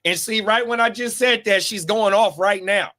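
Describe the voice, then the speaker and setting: A man's voice: high voice, moderate pace, sharp tone. A man co-hosting a casual podcast, talking bluntly in slang and reading viewer comments aloud. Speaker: co-host.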